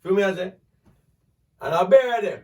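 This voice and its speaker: A man, hosting a podcast and telling a story in a lively, profane way. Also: sits high, normal speed, distant mic. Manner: animated, swearing, acts out voices in his story. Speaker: podcast host. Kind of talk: casual storytelling.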